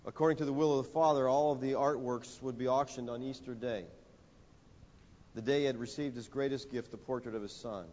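A man's voice: mid-range voice, fairly even intonation, a little mellow. Man, preacher, emphatic sermon delivery, long church reverb, dull muffled audio. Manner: rising, emphatic delivery with dramatic pauses. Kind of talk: sermon with illustration story.

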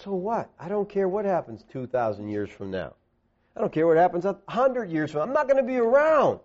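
A man preaching a sermon, emphatic, dropping lower when he reads scripture aloud. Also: sing-song, brisk, darkish tone. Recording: dull lo-fi recording.

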